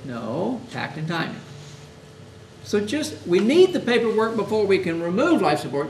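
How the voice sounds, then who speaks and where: A man's voice: high voice, big pitch swings, normal speed, darkish tone. A man teaching hospital chaplains in a conversational lecture, often acting out exchanges with grieving families. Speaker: chaplain instructor. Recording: echoey room, mic far off, faint hiss.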